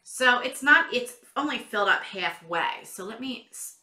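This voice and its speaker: Chatty bright-voiced woman vlogger. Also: fairly high pitch, lively intonation, normal speed, echoey room. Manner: chatty, exclaiming over products. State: stuffy, getting a cold. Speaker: beauty box reviewer. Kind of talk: casual unboxing vlog.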